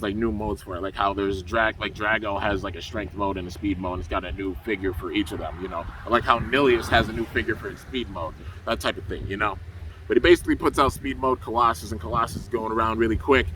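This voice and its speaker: A man's voice: on the low side, bright, forceful tone, distant mic, a little hiss or hum. A young man casually recapping a cartoon episode for his channel, rambling with lots of fillers. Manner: laid-back, rambling, full of fillers. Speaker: YouTube reviewer.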